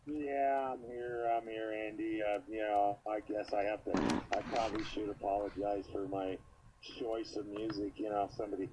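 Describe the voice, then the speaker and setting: A man calling in as a guest over an internet call, bragging loudly about being a redneck in casual podcast banter. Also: fairly low pitch, flat delivery, normal speed, highs cut off, very noisy. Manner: boastful, rowdy self-styled redneck.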